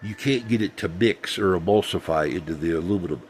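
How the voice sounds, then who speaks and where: A man's voice: sits low, brisk, darkish tone, slight background noise. A middle-aged man, rambling through a casual vlog monologue with many ums and restarts. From Southern United States. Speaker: vlogger.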